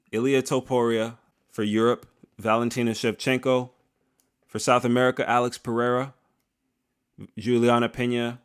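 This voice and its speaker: Male MMA host, mid pitch, casual slangy rambling commentary, joking throughout.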